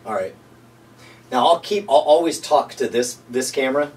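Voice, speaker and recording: A man chatting casually on set, relaxed and joking as he thinks aloud. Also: mid-range voice, moderate pace, distant mic. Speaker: comedic performer. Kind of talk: casual behind-the-scenes chat.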